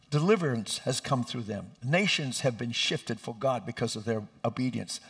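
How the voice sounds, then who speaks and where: A middle-aged man preaching as a pastor in a church, telling lively stories and laughing as he goes. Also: on the high side. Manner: animated, laughing storyteller who acts out voices. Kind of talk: sermon with storytelling. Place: church sanctuary.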